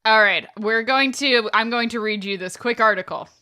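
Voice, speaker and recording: A woman's voice: fairly high pitch, normal speed, pushed and bright, clear, resonant tone. A woman co-hosting a podcast, chatting casually, teasing the others and laughing easily. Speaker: podcast co-host.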